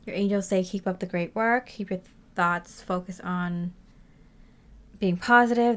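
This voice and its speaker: A woman's voice: medium pitch, clean tone. A woman giving a casual tarot reading to her viewers, chatty and rambling, with many fillers and frequent laughs. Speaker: tarot reader.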